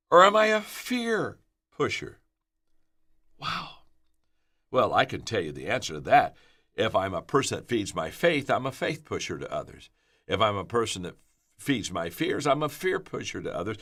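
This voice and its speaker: Animated older man telling stories. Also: mid-range voice. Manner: animated storyteller, repeats words and restarts when excited. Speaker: leadership speaker. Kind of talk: motivational talk with storytelling.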